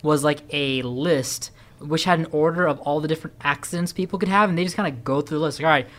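A woman with a somewhat low voice trades wry, joking asides in relaxed podcast chat. Her remarks come in a dry, teasing way. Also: fast talker. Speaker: podcast co-host. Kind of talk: casual chat.

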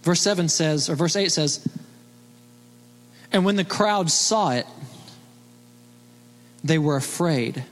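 Male pastor, high voice, emphatic sermon delivery full of rhetorical questions, long hall reverb. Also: slow pace, long pauses.

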